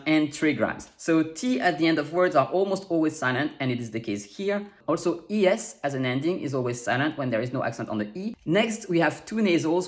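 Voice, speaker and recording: A man who teaches French pronunciation, speaking English in a clear, deliberate scripted lesson and slowing down to spell out sounds. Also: a little high.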